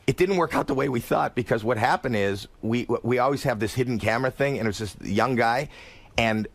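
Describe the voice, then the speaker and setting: A man's voice: mid-range voice, brisk, creaky, no echo. A man chatting as a radio guest, telling stories and acting out the voices of the people in them. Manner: animated storyteller, acts out voices. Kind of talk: casual radio chat.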